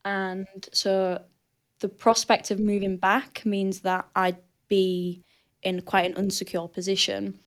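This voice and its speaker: Young woman, thick Hull accent, chatty, animated storyteller, casual podcast guest. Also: mid-range voice, slow. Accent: Northern English (Hull). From Hull, England, raised in southern Spain. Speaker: guest athlete. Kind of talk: casual chat.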